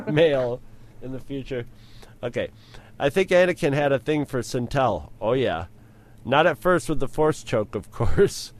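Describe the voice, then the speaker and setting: Joking laid-back male podcast co-host. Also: mid-range voice. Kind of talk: casual podcast chat.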